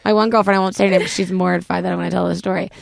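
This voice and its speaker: A young woman co-hosting a podcast, telling a story in a casual, animated way, acting out quotes and saying "like" often. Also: on the low side, racing, creaky, dry recording. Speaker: podcast co-host.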